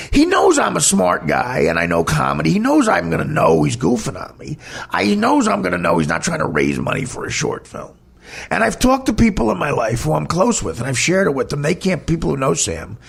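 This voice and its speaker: A man's voice: on the high side, vocal fry, husky. A man hosting a podcast, telling a candid personal story in a blunt, profane, rambling way. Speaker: podcast host.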